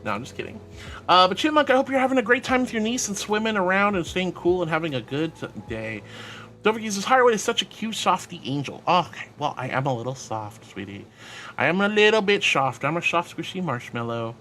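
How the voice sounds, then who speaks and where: A man's voice: high-pitched, sing-song, a little fast, pushed and bright, a little hiss or hum. A man streaming live and reading out chat, bubbly and affectionate, calling viewers sweetie.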